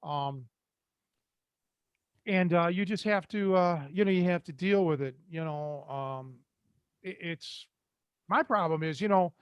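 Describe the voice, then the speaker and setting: A man's voice: high-pitched, unhurried, pauses often, clear, resonant tone, dry recording, muffled recording. An older man from Cleveland, hosting and telling rambling, streetwise stories in a casual way. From Cleveland, Ohio. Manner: rambling, streetwise, quotes others in voices. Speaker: host. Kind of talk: casual storytelling.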